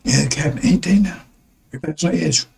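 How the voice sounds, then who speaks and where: A preacher with a high-pitched yet dark and mellow voice gives a rambling broadcast sermon, pressing his point on listeners with emphasis while tripping over and repeating words. His delivery is rapid-fire and creaky, and the recording quality is low.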